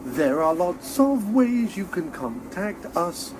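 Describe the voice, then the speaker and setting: Podcast co-host, man, jokey and rambling, a bit high-pitched, noisy diner background. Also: sing-song, slow. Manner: playful, rambling, jokey asides. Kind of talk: casual podcast chat. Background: diner ambience.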